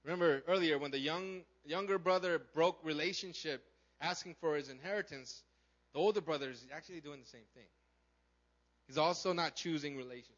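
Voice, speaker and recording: A man preaching a sermon in a casual, animated way, asking his listeners questions and acting out the characters. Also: a little high, brisk, highs cut off. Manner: animated, conversational, acts out characters, asks the crowd questions. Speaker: pastor.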